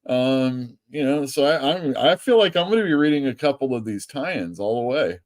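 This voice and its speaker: Hosting a live stream, a man who runs a comic store chats in a loose, rambling way, swearing freely with quick laughs. His mid-range voice has a darkish tone and lively intonation.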